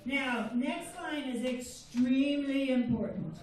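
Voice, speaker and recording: Slow, patient woman teaching Spanish phrases. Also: high voice, far from the mic. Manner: slow, patient, repeats phrases for students to echo. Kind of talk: classroom phrase lesson. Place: school room with a crowd of students. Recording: echoey room recorded from afar with crowd.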